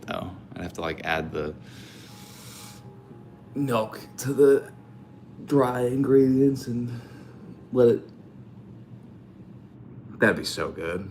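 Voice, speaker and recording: A young man hosting a live stream, chatting casually and rambling as he thinks out loud and answers chat. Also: sits low, slight background noise. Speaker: live-stream host painting cards.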